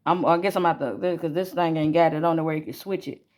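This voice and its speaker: A woman's voice: low voice, fairly even intonation, fast, a little mellow. A woman, venting emphatically to a phone camera in a casual vlog and repeating herself. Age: 30s. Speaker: vlogger.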